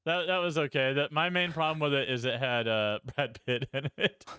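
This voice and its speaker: Bright, blunt male podcast co-host. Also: mid-range voice, fairly even intonation, normal speed, clean tone. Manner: blunt, sarcastic, swears casually. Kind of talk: casual film review chat.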